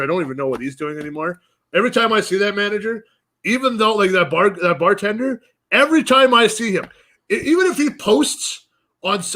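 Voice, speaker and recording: A man's voice: high voice, fairly bright tone. A man chatting on a casual podcast, telling stories in a rambling, profane way. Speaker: guest.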